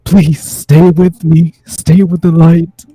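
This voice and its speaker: A man's voice: a little high, little pitch movement, slow, mellow, breathy edge, no echo, faint music behind, pitched above the performer's own voice. A man voicing the pleading, ghostly mother of a young man in a tabletop game, begging him to stay in the light. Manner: begging, emotional.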